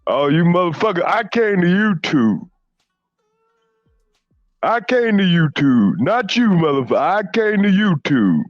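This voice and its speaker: A man's voice: high-pitched, big pitch swings, measured pace, no room sound, dull audio, faint music behind. A man impersonating a boastful, arrogant former basketball star in a comedic rant, swearing and stumbling over repeated restarts. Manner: profane bragging, stammered restarts.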